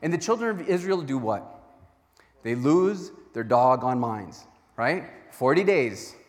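A man preaching a sermon as a pastor, telling Bible stories in an animated way and acting out their voices. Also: medium pitch, a little slow, in a large hall. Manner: animated storytelling with acted-out voices.

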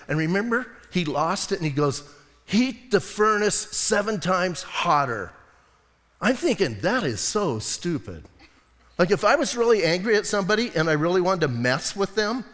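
A man preaching in a church, his voice pitched high and carried by a long reverb off the hall. He talks casually and jokes, often asking his listeners questions as he goes. The tone is relaxed and chatty rather than formal. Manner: casual, joking, asks the congregation questions. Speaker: pastor. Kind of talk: sermon. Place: church sanctuary.

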